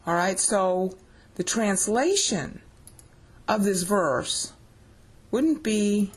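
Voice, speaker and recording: At medium pitch with lively intonation, a female Bible teacher speaks very slowly against slight background noise. Her screen-share scripture lesson proceeds step by step with emphasis, and she regularly checks that the listener follows along.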